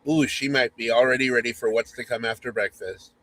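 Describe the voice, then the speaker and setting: Male host reading a spoof romance aloud; mock-sultry, teasing, medium pitch. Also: fairly even intonation, fairly quick, a bit bright, low-quality recording. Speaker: podcast host.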